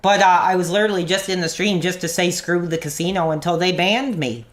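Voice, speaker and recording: A man's voice: high-pitched, brisk, a bit bright. Angry ranting male streamer. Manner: ranting, mocking, swearing then apologizing. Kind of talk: angry livestream rant. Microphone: own desk mic.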